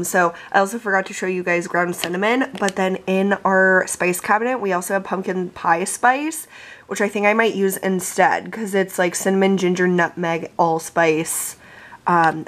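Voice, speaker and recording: A woman's voice: lowish voice, a bit bright, a little hiss or hum. A young woman chatting casually in a vlog, full of "like" and "um". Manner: chatty, filler-heavy with frequent "like" and "um". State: morning voice. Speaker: vlogger.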